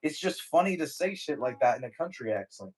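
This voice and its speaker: A man's voice: medium pitch, big pitch swings, fairly quick, husky, soft background music, poor audio. A man hosting a livestream, chatting casually in a dry, teasing, matter-of-fact way with plenty of swearing. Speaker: streamer, host.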